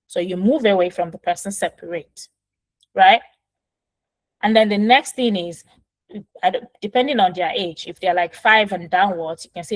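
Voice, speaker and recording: A woman's voice: medium pitch, normal speed, long pauses, dry recording, rough recording. A woman parenting coach talking through setting goals step by step, patient and explanatory, recording on her phone. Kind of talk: casual instructional talk.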